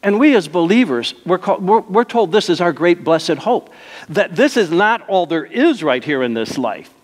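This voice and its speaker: A man's voice: sits high, sing-song, normal speed. Preaching man in a reverberant church. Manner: preaching with wide swings between soft and emphatic. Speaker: pastor. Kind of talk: sermon. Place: church sanctuary. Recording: long reverb of a church hall.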